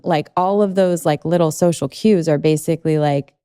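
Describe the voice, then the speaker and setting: A woman's voice: low-pitched, moderate pace, dark tone, clear, resonant tone. A woman in her thirties hosting a podcast, talking in a rambling way full of "like". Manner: rambling, lots of "like". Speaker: podcast host. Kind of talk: conversational podcast interview.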